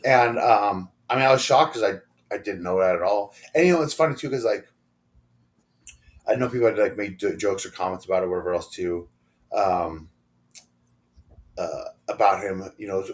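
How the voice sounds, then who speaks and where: A man's voice: lowish voice, normal speed. A middle-aged man, a professional wrestler guesting on an interview show, telling stories in a rambling, casual way and acting out the dialogue he quotes.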